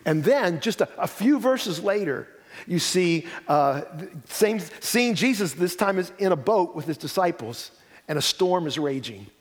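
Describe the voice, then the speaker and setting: Pastor dude telling bible stories, kinda high voice, hall echo behind. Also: male voice, unhurried. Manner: animated storytelling, acts out quoted lines. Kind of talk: conversational Bible teaching. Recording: long hall reverb.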